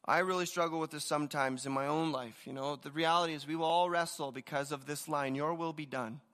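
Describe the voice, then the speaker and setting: A man in his thirties delivers an energetic sermon, stumbling and repeating words as he builds into each point. His voice sits high and sounds bright and forceful. A long reverb trails behind him, as if he is in a large hall. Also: fast talker. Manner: energetic, storytelling, repeats words when starting a thought. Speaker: pastor.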